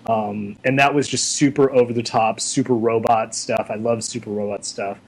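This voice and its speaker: A young man being interviewed, chatting casually and telling stories in a rambling, animated way full of fillers. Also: mid-range voice, normal speed, vocal fry, slight background noise, low-quality recording. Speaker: interview guest. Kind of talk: casual chat.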